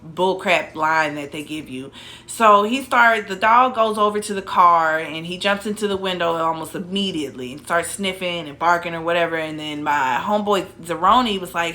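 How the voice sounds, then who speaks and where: A woman's voice: fairly low pitch, normal speed, pushed and bright. A young woman casually telling a personal story, rambling with restarts and asides.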